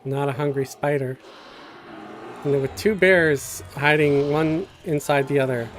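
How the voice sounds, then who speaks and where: A man's voice: fairly high pitch, fairly even intonation, unhurried, a little hiss or hum. A middle-aged man casually telling a rambling story while streaming a game, with many fillers and restarts.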